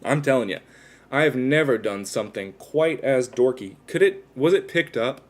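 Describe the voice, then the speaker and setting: While tattooing himself, a man chats casually with livestream viewers, rambling and putting himself down. His voice is mid-range and animated at a normal speed.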